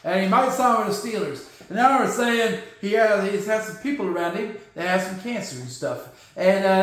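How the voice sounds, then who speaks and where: A man hosting a casual solo sports podcast in a jokey, goofy manner. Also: very high-pitched. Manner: jokey and goofy, with shouted catchphrases. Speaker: podcast host. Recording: very echoey room.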